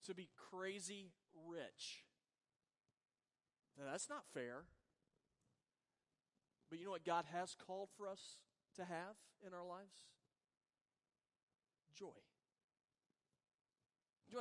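A man pastor preaching a sermon in earnest, moving between soft, drawn-out words and emphatic lines. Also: sits high. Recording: long reverb of a large hall.

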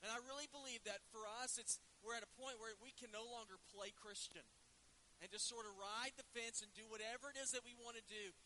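A male pastor with a drawl delivers a sermon in an earnest, conversational way, dropping in folksy asides. His voice is very bright and sits fairly high. A faint hiss runs under the recording. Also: steady tone, brisk, rough recording.

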